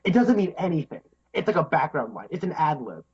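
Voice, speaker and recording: An eager man talks through a film with a co-host, tumbling over fillers and laughing between thoughts. His voice is a little husky, and the audio is dull and lo-fi. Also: a little high, sing-song, a little fast, darkish tone. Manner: enthusiastic, laughs often, many fillers. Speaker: podcast co-host. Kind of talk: casual film discussion.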